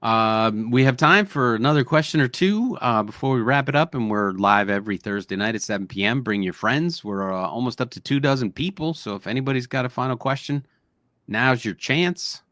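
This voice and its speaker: A man hosting a live online show, reading viewer comments aloud in a relaxed, easygoing way. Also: medium pitch, fairly quick, no echo, studio quality. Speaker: host.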